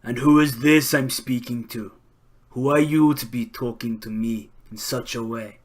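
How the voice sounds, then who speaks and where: A man voicing a hulking, chipped rock-skinned pirate captain who makes slow, mocking threats. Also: mid-range voice, fairly even intonation, natural voice. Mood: imperious.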